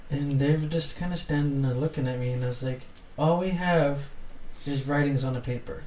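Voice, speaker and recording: A young adult man telling a story in casual chat, animated and laughing often as he acts out what people said. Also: medium pitch, fairly quick. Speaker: podcast co-host. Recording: roomy, distant mic with faint noise.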